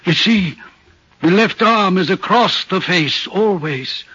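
A husky, bright-toned railway signalman, haunted and uneasy, telling his tale slowly and earnestly. The old radio play recording sounds muffled. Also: high voice, animated, heavily acted. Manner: earnest, troubled, deliberate storytelling. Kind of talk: vintage radio drama acting.

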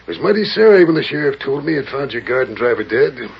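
An actor playing a scheming small-town banker in a radio drama, who talks in a falsely friendly, sly way, with a dull lo-fi sound. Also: male voice, medium pitch, big pitch swings, fast talker, creaky, slight background noise. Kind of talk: 1930s radio drama acting. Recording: dull lo-fi old radio broadcast.

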